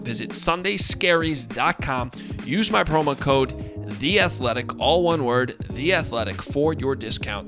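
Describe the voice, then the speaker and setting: A man reading a scripted sponsor ad in a smooth promotional delivery. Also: a little high. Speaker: ad read host. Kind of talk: scripted ad read. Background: music.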